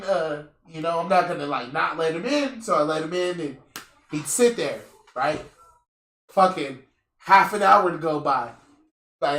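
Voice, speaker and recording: Host, male, bright voice, loose profane storyteller, echoey room. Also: on the high side, measured pace. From US Southwest. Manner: storytelling, swearing, acts out quotes. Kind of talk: casual chat.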